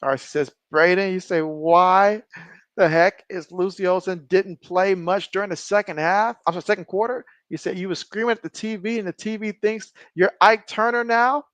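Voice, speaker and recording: High-voiced jokey male sports streamer. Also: moderate pace, no room sound. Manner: jokey, excitable, often laughs. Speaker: live-stream sports commentator. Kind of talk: casual play-by-play with chat reading.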